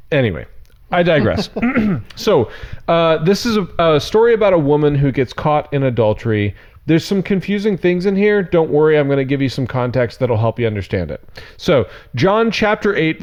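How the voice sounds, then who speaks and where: Male pastor, higher voice, animated delivery; casual, sarcastic sermon with joking asides. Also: highs cut off. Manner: frank and irreverent. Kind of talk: casual conversational sermon with scripture reading.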